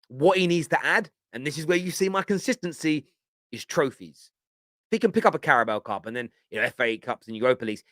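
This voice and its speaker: A man's voice: medium pitch, a bit bright, dry recording, studio quality. A man giving a passionate, emphatic fan reaction on a live football stream. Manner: passionate, emphatic, repeats himself. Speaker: fan channel pundit.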